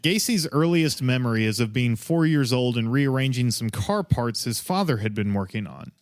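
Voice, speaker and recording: A man's voice: mid-range voice, lively intonation, normal speed, no room sound, clean studio sound. Sardonic man telling a true-crime story. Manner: sardonic, profane, mock-scolding the audience. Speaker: podcast co-host telling the story. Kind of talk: casual comedic true-crime podcast.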